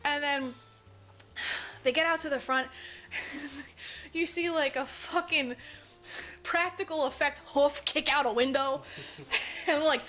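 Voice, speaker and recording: A woman co-hosting a podcast, telling a film's plot in loose, profane chat. Her voice sits a bit high and rings bright and forceful, and she slips in quick impressions of the characters. Faint music runs behind her. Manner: animated, profane storytelling, mimics characters. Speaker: podcast co-host. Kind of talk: casual movie recap chat.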